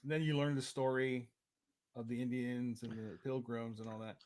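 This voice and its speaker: A man co-hosting a casual live chat, talking in a relaxed, earnest way and swearing casually. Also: mid-range voice, normal speed. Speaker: co-host.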